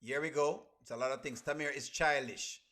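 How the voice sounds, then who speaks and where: A man's voice: on the high side, steady tone, brisk, bright, forceful tone. A man hosting a casual livestream, reacting to clips and reading chat aloud with a playful manner and frequent laughter. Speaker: reaction streamer.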